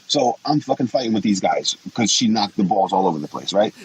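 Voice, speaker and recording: A lowish, husky male voice with a rough edge. He's in his forties and tells long, rambling stories with plenty of swearing. His delivery is blunt and unfiltered, like a podcast guest in loose conversation. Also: fast talker, rough recording. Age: 40s. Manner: blunt, profane, rambling anecdotes. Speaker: guest, former pro wrestler. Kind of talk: casual storytelling interview.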